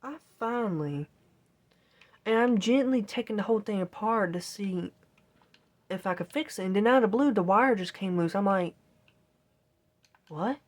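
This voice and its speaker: A woman's voice: mid-range voice, lively intonation, normal speed. A woman telling a long casual story, rambling and exasperated, quoting her own reactions. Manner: rambling, exasperated retelling with quoted self-talk. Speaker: vlogger. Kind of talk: casual storytelling while gaming.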